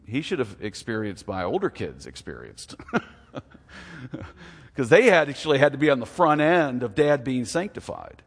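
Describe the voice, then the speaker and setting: A man in his forties preaching a sermon as a pastor, earnest and confessional, his pitch and volume rising and falling widely. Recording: long hall reverb.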